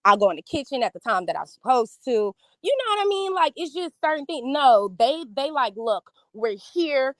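A woman with a slightly high voice recounts a story on a live stream, animated and profane. The sound is dry and close, with no room around it. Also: fairly quick, few pauses, no echo. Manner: animated, profane, acts out quoted speech. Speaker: guest recounting hosting cult members.

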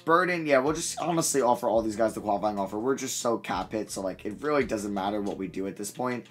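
A man's voice: on the low side, fast, faint music behind. Man casually narrating his gameplay. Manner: chatty, thinks aloud, mild self-corrections. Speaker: gaming video creator.

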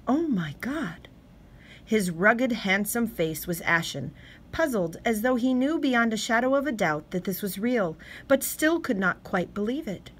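A woman reading a short story aloud as an audiobook narrator, measured and steady. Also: on the high side. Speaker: audiobook reader. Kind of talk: scripted narration.

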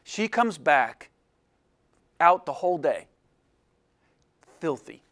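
Lecturing to a room of students, an illustration professor recounts something from his own life, acting out each character's voice with lively, self-mocking energy. He speaks at a slow pace in a slightly high voice.

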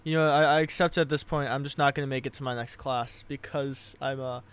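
A man's voice: mid-range voice, steady tone, fairly quick, clean tone. A young man making a casual comedic vlog and reading his own writing aloud, giggling at himself often. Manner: giggly, self-amused, restarts.

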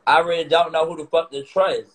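An angry, hurt man vents to his live stream audience. His voice sits a little high, and he circles back over the same complaints again and again, swearing as he goes. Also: steady tone, brisk, fairly bright tone, low-quality recording. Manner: upset, repetitive, swearing. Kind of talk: emotional rant to viewers.

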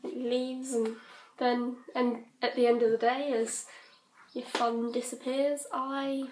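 A British teenage girl rambling casually in her bedroom, scattered and quick to giggle. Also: fairly high pitch, level tone, a little mellow, a little hiss or hum. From Britain. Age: teens. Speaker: vlogger. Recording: roomy bedroom echo.

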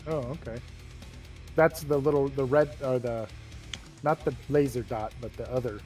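A man playing a game with a friend, easygoing and quick to joke at himself. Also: mid-range voice, steady tone, a little mellow. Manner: easygoing, self-mocking. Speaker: co-player. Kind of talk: casual gaming chat. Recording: light background metal music.

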